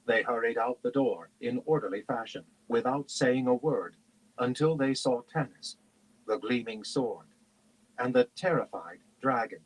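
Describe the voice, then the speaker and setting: Husky man reading a novel aloud. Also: medium pitch, lively intonation, a little slow, low-quality recording. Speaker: reader on a book stream.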